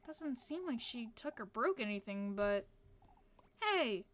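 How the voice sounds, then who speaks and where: A woman streamer giving chatty, excitable commentary while playing a game. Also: fairly high pitch, takes it slowly, a little hiss or hum. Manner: excitable, chatty, reacts loudly. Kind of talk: casual game-play commentary. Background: faint game music.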